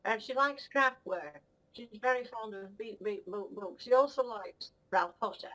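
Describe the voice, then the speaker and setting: Voicing a self-admiring, impudent female cat, a woman delivers a giggly, rude, rambling monologue in comic puppet style, full of cocky swagger. Her pitch is medium, her pacing measured and her tone fairly bright, though the audio is low quality.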